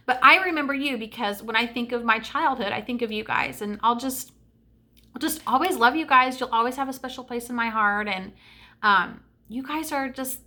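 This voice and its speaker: A middle-aged woman vlogger tells childhood stories casually, gushing and emotional, with plenty of filler words. Her voice sits on the high side, bright and forceful.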